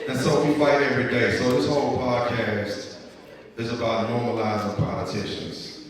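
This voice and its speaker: A man, a city councilman hosting a live podcast, telling stories in an animated way and laughing as he goes. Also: mid-range voice, moderate pace. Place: large echoey hall with a live audience. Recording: echoey hall, distant mic.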